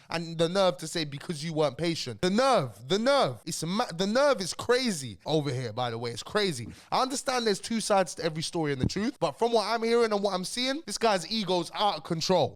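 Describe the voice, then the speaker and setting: Blunt man ranting, sounding ill. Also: high voice. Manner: blunt, heated, repetitive. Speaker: YouTube commentator. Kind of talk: ranting reaction commentary.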